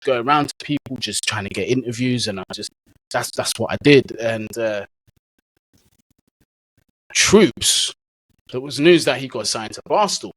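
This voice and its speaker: A man tells his story as a guest, in a relaxed way full of street slang. His voice sits at an ordinary middle pitch, and he is recorded close and dry with no room sound. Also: unhurried, long pauses, slightly rough, dry recording, poor audio. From England. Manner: easygoing, slang-heavy storyteller. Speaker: guest, football content creator. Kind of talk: casual storytelling interview.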